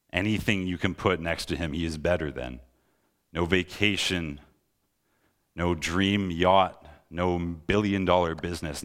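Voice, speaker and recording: Young guy preaching, super low voice, earnest and pleading. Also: a bit bright. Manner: earnest, rising to impassioned pleading. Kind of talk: sermon.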